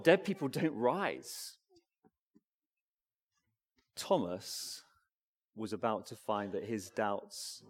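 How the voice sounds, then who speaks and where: A man giving a family-friendly sermon, asking the congregation questions and talking back and forth with them in a lively way. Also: medium pitch. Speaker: preacher. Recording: long hall reverb.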